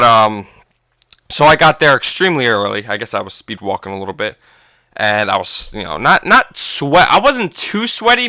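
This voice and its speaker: A teenage boy who runs a gaming channel rambles through a long story in a chatty way, correcting himself as he goes. His mid-range voice sounds pushed and bright, and the recording has no echo.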